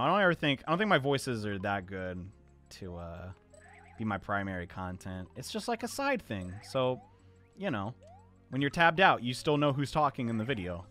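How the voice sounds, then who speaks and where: Lively young man streaming a game. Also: medium pitch. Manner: animated, chatty, answers chat, swings to yelling at the game. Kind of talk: live gameplay commentary.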